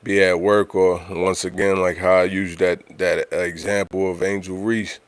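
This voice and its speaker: Deep voiced guy, chatting loose on his livestream, dry sound, lots of you know what im sayin. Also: level tone, a little slow, smooth, dry recording. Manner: conversational, repeats himself, frequent "you know what I'm saying". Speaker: livestream host. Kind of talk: casual livestream talk.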